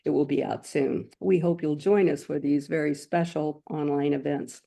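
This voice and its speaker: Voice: medium pitch, fairly even intonation, normal speed, creaky. A webinar host reading scripted announcements and speaker introductions in a formal, polished way. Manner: reads from a script, warm and formal.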